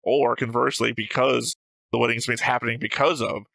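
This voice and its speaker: Gravelly, bright-voiced man chatting. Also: mid-range voice, steady tone, a little fast, no echo. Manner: talkative, joking, explains his reasoning. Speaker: co-host of an anime reaction show. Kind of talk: casual chat.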